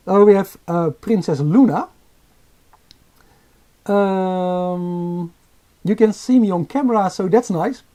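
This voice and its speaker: A man's voice: sits high, a little mellow. A man with a Dutch accent hosting a live-stream presentation on a cheap microphone, talking hesitantly with many fillers and restarts. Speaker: astrophotography channel host.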